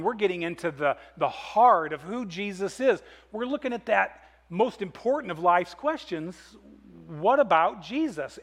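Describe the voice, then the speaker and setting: A man with a high-pitched voice preaching a sermon as a pastor. He speaks with eager, emphatic energy, repeating words and restarting phrases to hammer his points.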